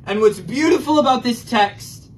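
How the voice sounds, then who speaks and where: A high-pitched man delivers an impassioned sermon, earnest and prayerful in tone. His delivery swings between loud, urgent bursts and hushed, almost whispered passages. A faint hiss of noise sits under the voice. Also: lively intonation, normal speed, low-quality recording. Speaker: preacher.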